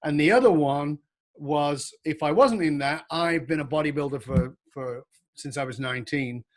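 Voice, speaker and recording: A man in his fifties, an interview guest, telling a story with lively laughter. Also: a little high, moderate pace.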